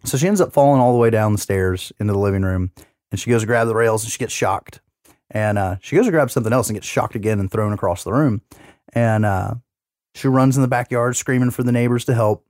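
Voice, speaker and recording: A man's voice: on the low side, fast, no echo. Man, podcast host, casual movie recap, cursing a lot, dry close sound. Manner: profane, animated retelling with acted-out quotes.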